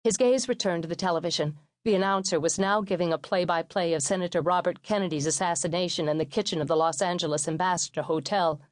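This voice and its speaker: A woman narrating a memoir audiobook in a steady, measured reading voice, acting out quoted lines lightly. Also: lowish voice, no room sound, studio quality.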